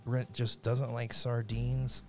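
A man's voice: mid-range voice, completely flat delivery, slow pace. A man hosting a casual podcast trivia quiz, joking and self-deprecating as he reads questions and tracks the score. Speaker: trivia show host.

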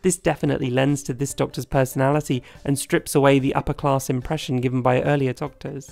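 A man's voice: a little high, gravelly, a little mellow. A man narrating a scripted video essay in a chatty, wry, opinionated way.

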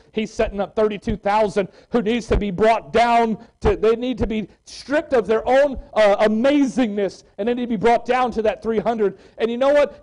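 A man preaching a sermon in a church, swinging from loud exclamations to quiet scripture reading. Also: high-pitched, poor audio.

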